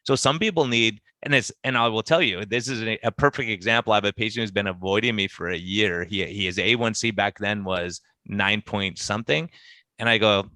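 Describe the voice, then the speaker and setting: Brisk and lowish in pitch, a man who practices medicine plays out patient conversations in quotes during a casual podcast chat. He's lively throughout, recorded with no echo.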